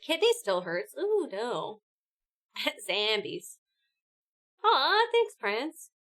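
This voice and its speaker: A woman's voice: a little high, sing-song, extremely slow, a bit bright. A woman hosting a gaming livestream, chatting casually with viewers and co-players and laughing often. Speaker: livestream host. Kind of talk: casual chat with stream chat and co-players.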